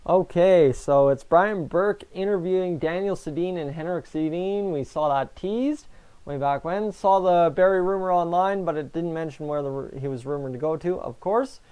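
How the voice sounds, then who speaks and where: A man's voice: fairly high pitch, normal speed, warm tone, clean tone. A man hosting a casual live stream, chatting away and answering viewer comments as he goes. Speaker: fan streamer and host.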